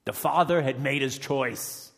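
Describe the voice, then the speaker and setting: A man playing a gravelly freed rebel prisoner. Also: medium pitch. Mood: intense. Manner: hushed and loud swings, dramatic pauses. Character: rough freed male rebel prisoner, fierce and emotional. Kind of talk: first-person dramatic monologue. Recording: long reverb of a large hall.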